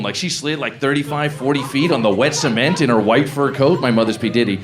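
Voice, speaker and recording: A man performing a stand-up comedy set, telling a story with animated delivery that rises to shouts. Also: medium pitch, brisk, hardly any pauses, a loud crowd.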